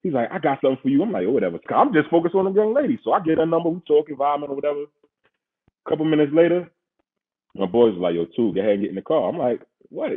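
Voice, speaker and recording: On a husky, tinny, phone-like recording, a man with a fairly high, expressive voice talks fast while telling a story. He's a former pro football player hosting a podcast, a Queens native with a New York accent who keeps it casual and slangy and laughs often.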